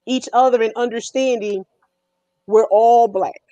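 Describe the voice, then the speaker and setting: A woman's voice: on the high side, steady tone, normal speed, dark tone, dry recording. A middle-aged woman from Brooklyn with a New York–North Jersey accent, telling stories animatedly and emphatically as a panel guest. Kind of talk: casual panel discussion.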